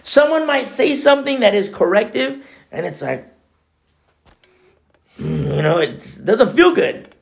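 Gravelly man preaching a casual sermon. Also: high voice, unhurried, pauses often. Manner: animated, swinging from emphatic outbursts to hushed near-whispers. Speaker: pastor. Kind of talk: conversational sermon.

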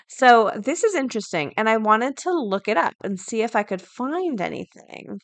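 A woman hosting a daily podcast, chatting casually and reading an article aloud, thinking out loud as she goes. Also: medium pitch, creaky, no echo. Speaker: podcast host.

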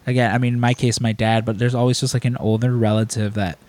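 Young guy cohosting a podcast, rambly chatty storyteller, lots of likes and uhs, average pitch. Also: flat delivery, fast talker, darkish tone. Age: young adult. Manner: rambling, story-telling, lots of fillers and restarts. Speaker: podcast co-host. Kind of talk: casual chat.

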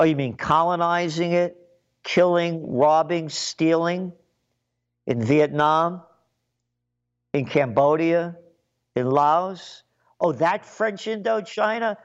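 A man's voice: a little high, smooth. A man from the Bronx, giving a sarcastic, indignant solo commentary and reading aloud with emphatic asides. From the Bronx, New York. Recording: muffled lo-fi recording.

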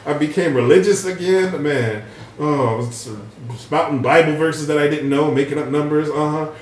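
A young man co-hosting a podcast, chatting casually and telling stories animatedly, swearing and jumping his voice high when he quotes people. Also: moderate pace. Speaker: podcast co-host. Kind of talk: casual chat, storytelling. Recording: roomy room, voice slightly off-mic, faint noise.

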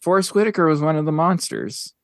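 A man's voice: on the high side, big pitch swings, brisk, creaky, dry recording, studio quality. A man hosting a podcast in casual chat, rambling with lots of fillers as he counts down a list. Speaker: podcast host.

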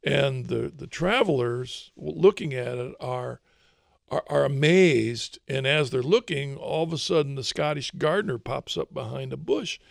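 A man talking through Christian ideas in a relaxed discussion, thoughtful and often repeating words as he searches for phrasing. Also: mid-range voice, a little slow, gravelly, dry recording, clean studio sound. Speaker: author and co-host of a faith discussion. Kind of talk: casual religious discussion.

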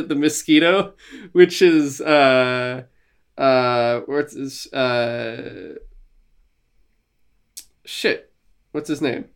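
A man co-hosting a podcast in casual gaming chat, animated and laughing, acting out lines from games he describes. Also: mid-range voice, drawn-out words, long pauses, clean tone. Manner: animated, laughing, acts out quotes. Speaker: podcast co-host.

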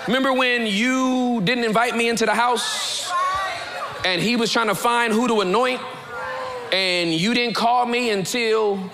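A man's voice: extremely high pitch, steady tone, background noise. A man voicing an arrogant young man who sarcastically lectures his father and keeps adding "sir". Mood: indignant. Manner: indignant, sarcastic, drawn-out "sir".

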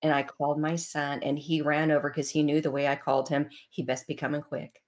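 Woman, middle-aged, low voice, earnest, emotional storytelling, interview guest. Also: little pitch movement, fairly quick. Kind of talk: personal story in a podcast interview.

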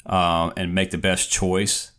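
Man, very low voice, gaming podcast co-host, unhurried, thinks aloud. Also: little pitch movement, bright, forceful tone. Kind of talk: casual chat.

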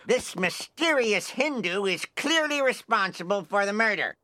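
A dopey pompous cartoon police chief, lively swoopy voice, kinda bright, dry sound. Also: male voice, sits high, normal speed, dry recording. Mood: smug. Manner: lazy, pompous, bumbling. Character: blustering dim male police chief. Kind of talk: cartoon voice acting.

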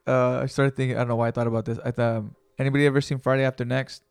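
A man's voice: mid-range voice, level tone, very fast, creaky, clean tone, no echo. A man hosting a solo podcast, talking in a casual, rambling, profane and motivational way. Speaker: podcast host.

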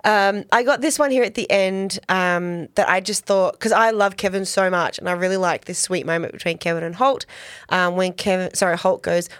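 A woman's voice: on the low side, moderate pace, dry recording, clean studio sound. A woman co-hosting a podcast in casual chat reviewing a TV show, giggling often as she talks. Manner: giggly, chatty, reads out quotes. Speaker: podcast co-host.

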